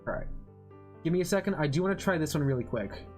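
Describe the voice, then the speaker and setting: A man's voice: on the high side, lively intonation, fast talker, a little mellow, faint music behind. A man streaming casually, reading internet copypastas with mock-menacing dramatic delivery.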